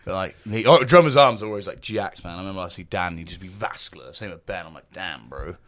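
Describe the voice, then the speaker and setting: A man's voice: sits low, quick pace, a bit bright, no echo, studio quality. A young man chatting as a podcast guest, laid-back and self-mocking, full of fillers. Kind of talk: casual podcast chat.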